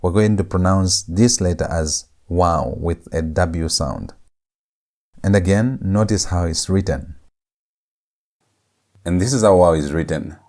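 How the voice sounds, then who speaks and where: A man teaching a language lesson, saying each letter sound over and over in a drawn-out, patient way. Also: low voice, darkish tone. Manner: repeats each sound several times, drawn out. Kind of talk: slow lecture on letter pronunciation.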